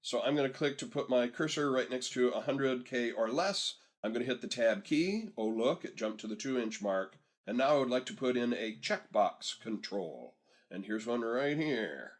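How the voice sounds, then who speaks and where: A man giving a screen-recorded software tutorial, talking students through each step in a relaxed, conversational way and pausing so they can catch up. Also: medium pitch. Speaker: software instructor.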